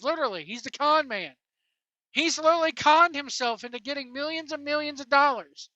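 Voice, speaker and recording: A woman's voice: fairly high pitch, sharp tone, dry recording. A woman giving ranting commentary in a sarcastic, indignant, rambling way. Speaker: wrestling commentary vlogger. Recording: dull, dry lo-fi sound.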